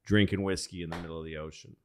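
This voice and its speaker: Profane, rambling podcast storyteller. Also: male voice, deep voice, racing. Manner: animated, rambling, profane, doing voices. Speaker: podcast host. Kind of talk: casual comedy podcast storytelling. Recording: noisy podcast recording.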